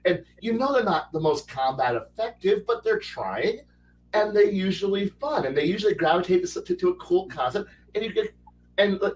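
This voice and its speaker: A man's voice: sits high, animated, moderate pace, far from the mic, poor audio. A man with a raised voice who rambles animatedly through a casual gaming panel, often restarting his sentences. He sounds set back from the mic, with a faint hum. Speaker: panel guest.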